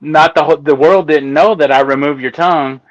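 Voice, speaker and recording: A fairly high-voiced man tells stories as a guest in a casual interview. He is animated and chuckles often, and his voice sounds a little dull and lo-fi. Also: a little fast, no echo. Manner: animated, laughs while telling stories. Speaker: guest, autopsy technician.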